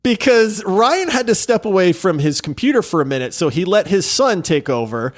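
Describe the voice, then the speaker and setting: Guy with a high voice on a gaming podcast, animated storyteller, laughs a lot. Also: moderate pace. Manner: animated, laughs a lot while telling stories. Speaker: podcast co-host.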